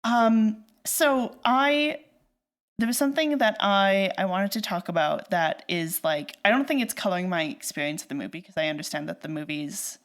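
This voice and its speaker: A woman's voice: medium pitch, normal speed. A woman co-hosting a film podcast, ranting animatedly in casual chat, with lots of "like" and acted-out quotes. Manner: animated ranting, heavy use of "like", acts out quoted lines. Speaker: podcast co-host.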